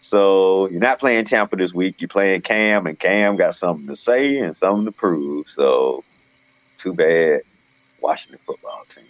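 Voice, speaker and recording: A man's voice: low voice, normal speed, no echo, dull audio. A man co-hosting a casual sports show, joking and laid-back as he gives his football picks. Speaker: co-host.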